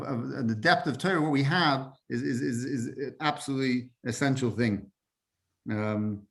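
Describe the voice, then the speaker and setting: A man teaching a Torah class as a rabbi, often repeating words while finding his phrasing and mixing Hebrew and Yiddish terms into English. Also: medium pitch. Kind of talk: informal Torah lesson.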